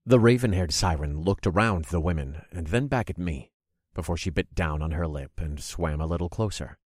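A man narrating a story in the first person with a measured, dramatic delivery. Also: deep voice, no echo, clean studio sound.

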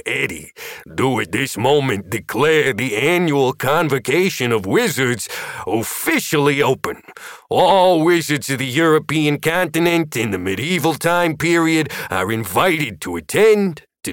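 Man playing a wizard, male, thick New Jersey accent, pompous, loud, storybook reading. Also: mid-range voice, no room sound, studio quality, pitched above the performer's own voice. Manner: pompous, formal announcing.

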